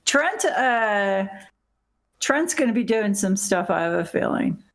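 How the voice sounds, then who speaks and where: A woman joins as co-host and the host's mother, chatting casually. She speaks at a slow, unhurried pace with a mid-range voice and tosses in wry, dry remarks. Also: mid-range voice, sing-song. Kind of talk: casual chat.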